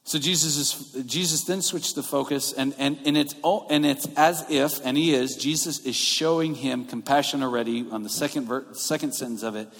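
A man's voice: medium pitch, fairly even intonation, normal speed, hardly any pauses, fairly bright tone. Man preaching in a reverberant hall. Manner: conversational, explaining scripture verse by verse. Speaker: pastor. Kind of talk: sermon. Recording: long reverb of a large hall.

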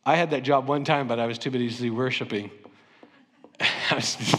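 A man's voice: medium pitch, normal speed, a bit bright, in a large hall. A middle-aged man from Southern California preaching a sermon in a conversational, anecdotal way with self-deprecating humor. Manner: acts out imagined interviews with playful voices. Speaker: pastor. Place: church sanctuary.

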